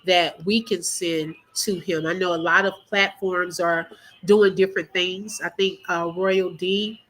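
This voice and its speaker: A woman's voice: fairly low pitch, steady tone, measured pace, fairly bright tone, rough recording. A middle-aged woman hosting a casual livestream, emotional as she talks straight to her viewers and reads their comments aloud. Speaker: livestream host.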